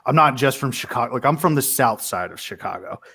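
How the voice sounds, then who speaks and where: A man's voice: mid-range voice, expressive, fairly quick, gravelly, pushed and bright, slightly rough. A male podcast host with a mid-range voice talks in a loose, casual way. He swears offhandedly and laughs easily with his guest. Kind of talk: casual chat.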